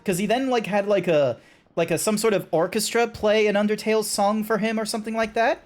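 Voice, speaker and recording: A man's voice: sits high, steady tone, brisk, faint music behind. Chatty rambling male game streamer. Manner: rambling, chatty, full of fillers. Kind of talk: casual live-stream chat.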